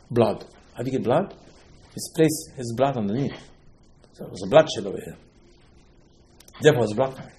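Animated rabbi teaching a Torah lesson. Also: male voice, mid-range voice. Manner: animated storytelling, acting out dialogue, emphatic rises; non-native English phrasing, Hebrew terms.

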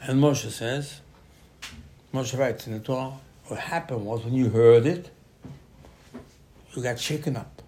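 A man leads a Torah class as lively storytelling. He acts out the quoted voices and breaks into sudden loud bursts. Hebrew terms run through his English, and his voice sits at a middle pitch. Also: unhurried, long pauses, slight background noise.

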